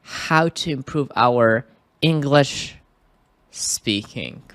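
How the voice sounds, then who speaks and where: A man walks through an English lesson at an unhurried, drawn-out pace, pausing often and checking in with "okay?". His voice sits at an ordinary middle pitch. The sound is dry and close, recorded indoors at a computer. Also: a bit bright, dry recording. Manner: hesitant, keeps checking in with "okay?". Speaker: English teacher. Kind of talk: screen-recorded tutorial.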